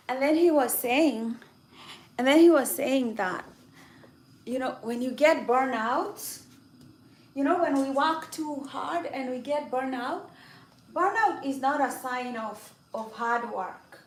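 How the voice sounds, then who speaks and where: High-voiced woman chatting slowly in a kitchen. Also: reverberant, a little hiss or hum, poor audio. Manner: playful, laughs at herself, repeats phrases. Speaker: vlogger. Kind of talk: casual vlog chat.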